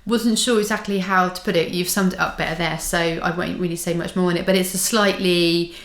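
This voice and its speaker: A woman's voice: lowish voice, fairly even intonation, a bit bright. Chatty woman in an echoey room. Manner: chatty, full of "you know" and quick agreement. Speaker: guest co-host. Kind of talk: casual chat. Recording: roomy echo.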